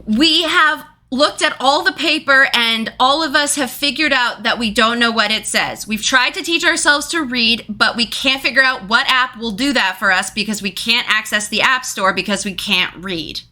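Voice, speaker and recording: A woman's voice: on the high side, normal speed, hardly any pauses, sharp tone. Woman putting on a whiny goblin chief. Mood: exasperated. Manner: exasperated, rambling complaints. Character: frustrated illiterate male goblin chief.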